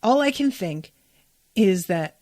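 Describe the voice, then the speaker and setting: A woman's voice: medium pitch, expressive, slow, darkish tone, dry recording, studio quality. A woman hosting a podcast, recapping an episode in a loose, conversational way, full of "like" fillers and blunt swearing. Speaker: podcast host.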